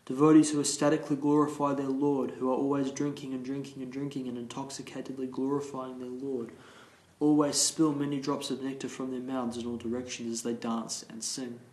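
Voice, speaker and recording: A man leading a morning class, reading scripture aloud slowly and carefully and explaining it, restarting some verse words. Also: medium pitch, level tone, a little mellow. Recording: roomy echo.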